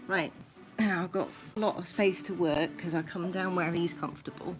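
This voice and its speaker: A woman livestreaming as she grooms her pet rabbit at home, talking in soft cooing baby talk and sometimes dropping to a whisper. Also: fairly low pitch, fairly even intonation, moderate pace, soft background music.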